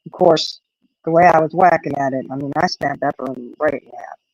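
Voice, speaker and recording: Middle-aged woman, casual live-stream chat, lively storyteller, dry lo-fi sound. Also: low voice, normal speed, no echo. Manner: animated storyteller, acts out quoted voices, frequent "you know".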